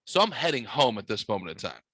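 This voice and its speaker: Bright-voiced profane storytelling man. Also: mid-range voice, big pitch swings, fast talker, no room sound, poor audio. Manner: profane, joking smart-aleck storytelling. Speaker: podcast host. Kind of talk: casual storytelling.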